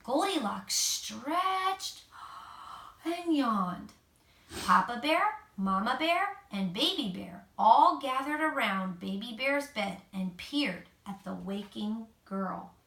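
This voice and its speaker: A mother reading a picture book aloud to her child at home, expressive, with gentle asides. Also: on the high side, slow pace. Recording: echoey room, mic at a distance.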